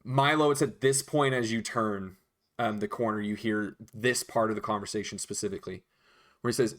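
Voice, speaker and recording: A man narrating a tabletop game as dungeon master, animated and quick to laugh. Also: fairly low pitch.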